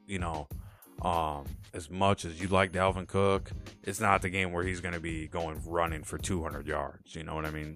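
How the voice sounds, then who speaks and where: A man's voice: low voice, fairly bright tone. A man hosting his own sports podcast, talking casually and rattling off picks with playful catchphrases. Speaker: podcast host.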